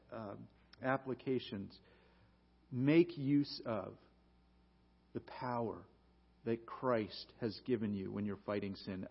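A man, a pastor, preaching a sermon, moving from quiet earnest passages to loud emphatic commands. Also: fairly high pitch, breathy edge, dull audio.

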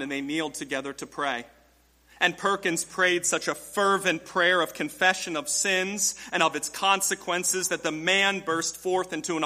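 A man's voice: high-pitched, pushed and bright, big-room sound. A man preaching a sermon to his congregation, emphatic, with rhetorical questions and direct address to the church. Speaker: pastor.

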